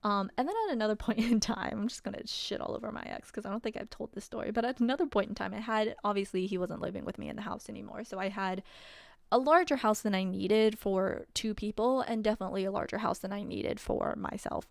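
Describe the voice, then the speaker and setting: A woman's voice: mid-range voice, steady tone, quick pace, vocal fry, dry recording, studio quality. A woman telling a personal story in a casual, wry way, full of fillers. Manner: chatty, wry, many fillers and laughs.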